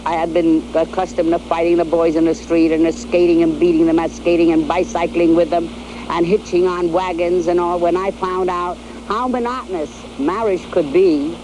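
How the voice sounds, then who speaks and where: An older woman from New York telling the story of her youth and marriage to her husband, in a halting storytelling way with repeated words and fillers. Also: on the low side, rough recording. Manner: addresses her husband directly. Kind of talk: reminiscing in an archival interview.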